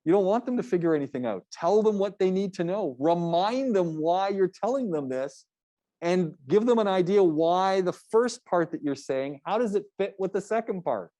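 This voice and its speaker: A man's voice: sits high, lively intonation, normal speed, warm tone, no room sound. A man teaching a public speaking class, giving feedback in a loose, conversational way with frequent restarts. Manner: conversational, restarts often, coaching tone.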